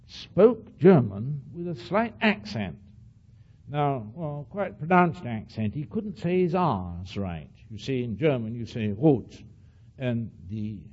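A man with an accent tells a story to an audience as a digressive, animated lecture, often saying "you see". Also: a little high, slightly rough. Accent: non-native English accent. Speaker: speaker addressing an audience. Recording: dull lo-fi old recording.

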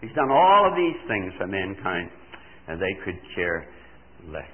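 An older man preaching a sermon, animated and full of rhetorical questions, playing out his listeners' answers himself. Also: low-pitched, unhurried. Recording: tinny phone-like recording.

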